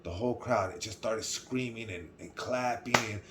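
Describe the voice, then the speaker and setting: A man's voice: lowish voice, normal speed, slight background noise. A middle-aged man with a Californian accent telling a personal story in a casual vlog, rambling with restarts and asking "right?" as he goes. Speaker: vlogger.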